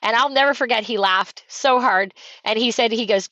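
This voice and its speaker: A woman from Canada, a real estate coach telling her story as a guest, animated and fast with acted-out quotes. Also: a little high, no echo, muffled recording. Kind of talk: energetic storytelling interview.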